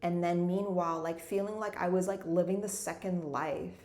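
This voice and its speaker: A woman's voice: on the low side, steady tone, normal speed, darkish tone, roomy sound. A woman from Canada, a new novelist and former executive, tells a personal story in a rambling casual way, saying "like" constantly. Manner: rambling, fills nearly every phrase with "like". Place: her home in Munich.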